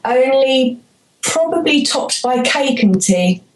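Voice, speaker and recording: Animated South London woman, roomy call. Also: sits high, slow pace. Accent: South London English. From Croydon, England. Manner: animated, mimics voices in playful quotes. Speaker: musician guest. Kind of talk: casual interview chat. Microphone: video call.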